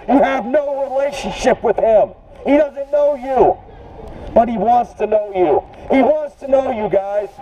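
High-voiced man preaching on a busy street. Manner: loud and insistent, repeats his phrases. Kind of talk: open-air street preaching. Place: city street outdoors. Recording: muffled lo-fi outdoor recording, loud crowd.

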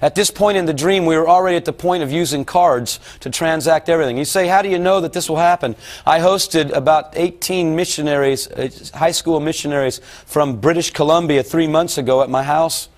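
A middle-aged man preaching to a gathered audience, his voice sitting fairly high for a man. He tells his story in a folksy, rambling way and keeps turning to the listeners with questions. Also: brisk, hardly any pauses. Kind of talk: sermon recounting a dream.

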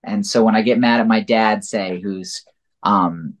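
Male guest with a very low voice, loose and reflective, lots of filler words. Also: fairly even intonation, unhurried. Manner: rambling and reflective, heavy use of "like" and "you know". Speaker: podcast guest. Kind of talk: casual conversational interview.

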